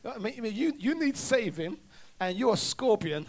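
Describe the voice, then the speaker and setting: A man's voice: high-pitched, big pitch swings, normal speed, a little mellow. A man voicing a cautious, trusting frog in a fable told during a sermon, with a hesitant, musing delivery.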